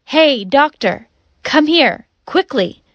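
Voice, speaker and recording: A man's voice: extremely high pitch, animated, measured pace, no room sound, dull audio, full character voice. A woman voicing a curt armed man. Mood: commanding. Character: armed man, blunt and commanding.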